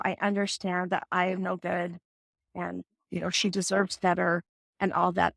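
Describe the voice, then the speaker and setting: A woman's voice: lowish voice, gravelly, a bit bright, no room sound, clean studio sound. A middle-aged woman hosting a live self-help talk, earnest and coaching, acting out example conversations in her own voice. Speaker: host.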